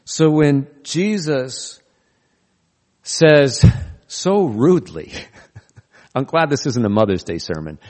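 A man's voice: mid-range voice, animated, slow, long pauses, a little mellow. Earnest male pastor preaching in a reverberant hall. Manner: storytelling, earnest with touches of humor. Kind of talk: sermon. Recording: long reverb of a large hall.

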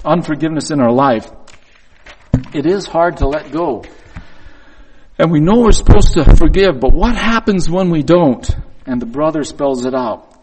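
A man's voice: a little high, darkish tone, husky, poor audio. A man preaching a reflective, confessional sermon, reading scripture and acting out the voices in it.

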